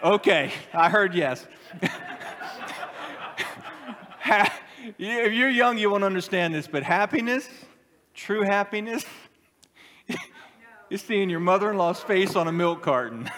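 A middle-aged pastor preaching a sermon in a church, animated and joking with the congregation. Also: male voice, high-pitched, takes it slowly, pauses often. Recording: long hall reverb.

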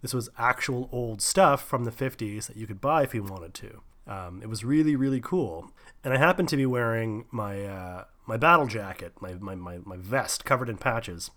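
A man's voice: fairly low pitch, moderate pace, bright, forceful tone. A man hosting a radio show, telling a story in a rambling, laid-back way. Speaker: radio host. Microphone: studio radio mic.

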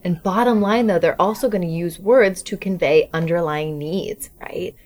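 A woman's voice: lowish voice, normal speed, a little mellow. A woman co-hosting a parenting talk, explaining ideas at length and often checking in with "right?". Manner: explanatory, frequent "right?" tags. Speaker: parenting podcast co-host. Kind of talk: casual chat.

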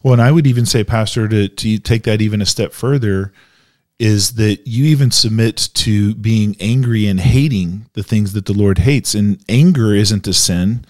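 A man's voice: lowish voice, moderate pace, darkish tone. A man in a church conversation speaking emphatically and with animation, laughing easily.

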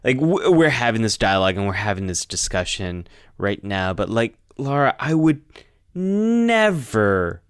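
A man's voice: fairly low pitch, big pitch swings, measured pace, clear, resonant tone, no echo, studio quality. A man co-hosting a podcast, talking casually and animatedly and often repeating words as he thinks. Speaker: podcast co-host. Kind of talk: casual chat.

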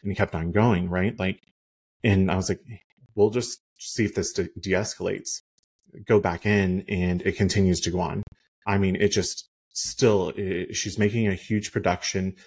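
Low husky man, rambling and heated. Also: steady tone, moderate pace, a little mellow. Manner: rambling, many "like" and "um" fillers; heated, indignant. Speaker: realtor. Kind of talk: casual podcast storytelling.

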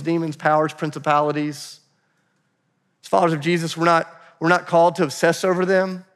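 A man's voice: high voice, a bit bright. A man preaching a sermon as pastor, earnest and direct, speaking straight to his congregation. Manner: earnest, direct, addresses the room as "guys". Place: church sanctuary. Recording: long reverb of a church hall.

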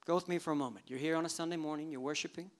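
A man's voice: fairly high pitch, racing. A man in his thirties preaching a sermon as a pastor, telling stories with humor and acting out the inner thoughts of people in worship. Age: 30s.

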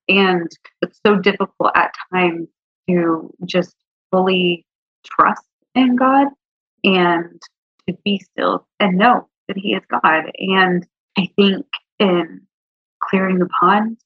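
A woman's voice: on the low side, steady tone, slow, no echo. Heartfelt woman guest, dull dry recording. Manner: earnest, heartfelt, emotional. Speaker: interview guest. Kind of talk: sharing a personal faith testimony. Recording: dull, slightly lo-fi, dry sound.

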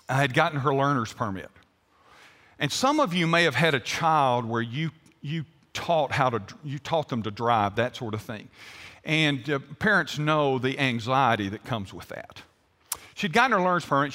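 An older man preaches a sermon in a folksy style, turning to the congregation with questions. His voice is bright and sits a little high. It rings with long reverb from the church hall. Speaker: pastor. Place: church sanctuary.

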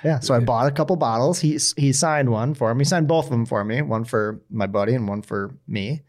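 A man's voice: mid-range voice, a little fast. A man hosts a casual podcast in an ordinary mid-range voice. He tells his stories with animation and acts out what other people said. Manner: animated storyteller, acts out quotes. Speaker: podcast host. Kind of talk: casual chat, storytelling.

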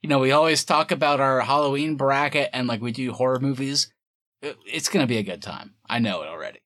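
A man hosting a podcast in casual chat, animated and quick to laugh. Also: mid-range voice, no echo, studio quality. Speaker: podcast host.

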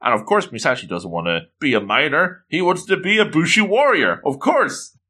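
A man's voice: fairly high pitch, very animated, moderate pace, pushed and bright, breathy edge. A man reading a comic chapter aloud and commenting on it in a playful, joking way, acting out the characters. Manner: playful, joking, fond of the same exclamation; acts out the characters with changing voices. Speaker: reader reviewing a comic chapter. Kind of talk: casual comic read-along with commentary.

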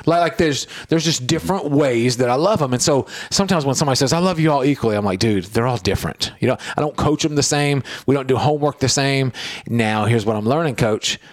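A middle-aged man co-hosting a radio show, telling a lively family story on air and acting out scenes in the talk. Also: medium pitch, quick pace. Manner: lively, acts out family scenes with swooping voices.

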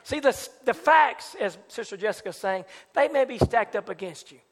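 High-voiced preacher shouting repeated lines. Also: male voice, lively intonation, moderate pace, long reverb tail. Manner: rising to shouted, chanted preaching with repeated phrases. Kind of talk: sermon. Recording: live church service with congregation.

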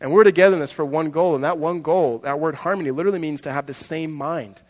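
A male pastor delivers a conversational sermon, his voice a little higher than most men's. He swings from loud bursts to hushed asides and laughs often. The sound carries a long reverb from a big hall. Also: fast.

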